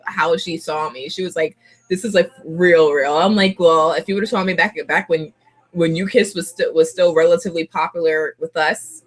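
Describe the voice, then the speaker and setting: Her voice sits on the low side and moves at a normal speed as she chats casually to camera. She's a young Puerto Rican-heritage vlogger who laughs frequently and gushes like a thrilled fan.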